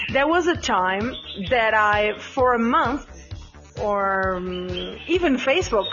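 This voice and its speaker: A woman's voice: on the high side, a bit bright, highs cut off. A woman with a mixed British and American accent, hosting a casual live chat, rambling with fillers and addressing listeners by name. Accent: mix of British and American English.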